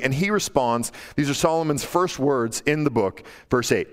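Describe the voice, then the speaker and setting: A male pastor preaching a casual, animated sermon, acting out quotes in a playful, high teasing voice. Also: normal speed. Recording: long hall reverb.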